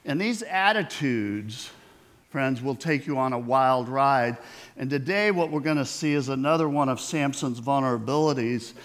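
A man's voice: medium pitch, animated, moderate pace. A middle-aged man preaching a sermon in a conversational way, asking the congregation questions and acting out quoted voices. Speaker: pastor.

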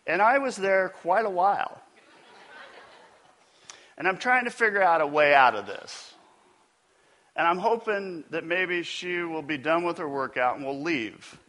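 A man's voice: fairly high pitch, a little slow, long pauses, pushed and bright. A man preaching a sermon, telling a funny personal story before building to emphatic preaching. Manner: storytelling with self-deprecating humor. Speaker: pastor.

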